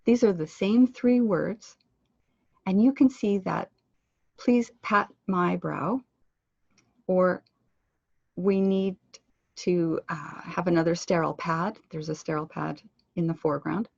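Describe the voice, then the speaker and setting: A woman giving an online pronunciation lesson, speaking clearly and deliberately and slowing down to model words. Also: fairly low pitch, warm tone, no echo, dull audio. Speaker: pronunciation instructor. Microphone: computer microphone on a web conference.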